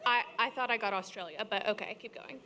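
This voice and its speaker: A woman's voice: medium pitch, quick pace, pushed and bright, slight background noise. A woman co-hosting a live podcast at a music venue, asking playful, teasing questions. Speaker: podcast co-host.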